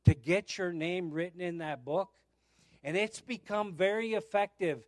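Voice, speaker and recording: A middle-aged male preacher with a high voice delivers a sermon built around a personal testimony. He tells it as a story and acts out the other people's lines as he goes. The recording is dry and close, with no room sound. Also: unhurried, no echo.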